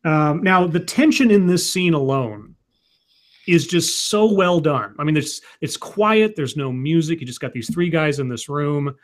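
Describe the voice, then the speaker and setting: A man's voice: on the high side, expressive, unhurried. A man co-hosting a casual chat, retelling a movie scene by scene with lots of restarts and acted-out quotes. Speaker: podcast co-host recapping a movie.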